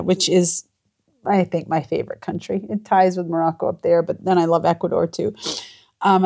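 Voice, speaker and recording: A woman's voice: fairly low pitch, mellow. A woman vlogging from a small cabin, chatting in a gushing, emotional way. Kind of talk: casual chat.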